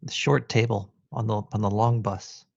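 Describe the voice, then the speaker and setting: A man's voice: fairly low pitch, fairly even intonation, moderate pace, gravelly, highs cut off. A man co-hosting a podcast in casual chat, dropping wisecracks. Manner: wisecracking, dry jokes. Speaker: podcast co-host.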